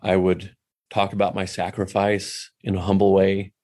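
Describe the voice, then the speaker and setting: A man's voice: deep voice, completely flat delivery, normal speed, a little mellow. A man telling a personal faith story in a casual, candid way, poking fun at himself and dropping in lots of "you know" asides.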